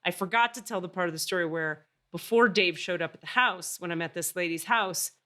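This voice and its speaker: Bright-voiced woman telling a story. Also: on the low side, brisk. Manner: animated, swears freely. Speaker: podcast host. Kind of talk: casual chat, storytelling.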